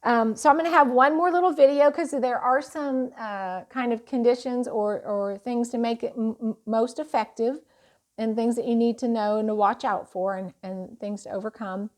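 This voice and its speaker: A woman's voice: a little high, steady tone, moderate pace, a little mellow. A woman teaching parents in a casual, chatty way, telling stories with a laugh and speaking of faith.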